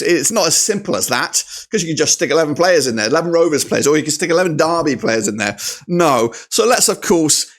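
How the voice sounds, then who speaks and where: Male football channel host, higher-pitched voice, quick and chatty. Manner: energetic, chatty, leans on "of course". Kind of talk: casual YouTube match preview.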